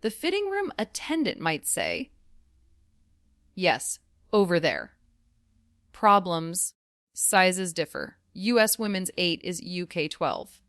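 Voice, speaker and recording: A woman gives a scripted English lesson in a slow, deliberate voice. Her tone is smooth and resonant, and she models each phrase clearly for learners. The recording is dry and close, with no room sound. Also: lowish voice, big pitch swings, fairly bright tone, no room sound. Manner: slow, clear, instructive delivery. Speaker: English teacher.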